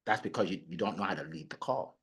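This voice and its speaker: A middle-aged man coaching on sales, talking in an animated way and acting out his prospects. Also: low-pitched, fast, slightly rough. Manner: animated, acts out clients and prospects in quoted voices. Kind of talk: motivational sales talk.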